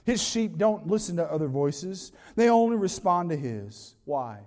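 A pastor delivering a sermon, swinging between loud emphatic lists and quiet, low asides. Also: male voice, sing-song, unhurried, big-room sound. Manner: preaching with dramatic rises and drops, repetitive emphatic lists.

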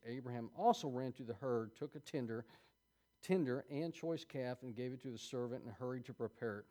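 A man's voice: medium pitch, brisk, dark tone. A man preaching a sermon, reading scripture aloud and adding folksy, chuckling asides to his congregation.

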